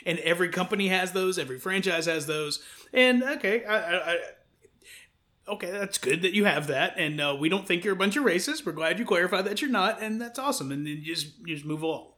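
A man co-hosting a sports podcast in a loose, joking chat, his voice sitting high and sounding bright. He rambles a little and laughs easily with his co-host. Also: lively intonation, brisk. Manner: joking, rambling, slips into silly impressions.

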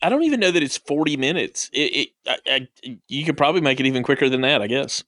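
A man's voice: mid-range voice, lively intonation, quick pace, a bit bright, dry recording, studio quality. A man hosting a podcast, steering the chat with teasing banter. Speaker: podcast host.

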